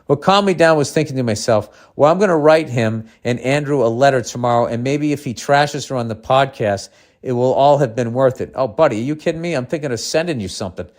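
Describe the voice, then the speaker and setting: A man's voice: mid-range voice, fairly quick. A man hosting a podcast, reading a listener's letter aloud and breaking in with profane, sarcastic asides. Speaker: podcast host.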